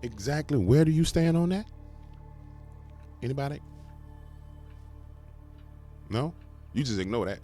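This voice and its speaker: A man's voice: medium pitch, animated, unhurried, pauses often, warm tone, soft background music. A man hosting a political commentary show, ranting emphatically with rhetorical questions. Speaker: commentary host.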